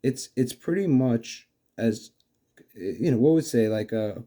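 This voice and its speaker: A man's voice: medium pitch, lively intonation, measured pace, dark tone. A man with a New York accent casually demonstrating fishing lures, rambling with many fillers like "you know". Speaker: fishing channel host.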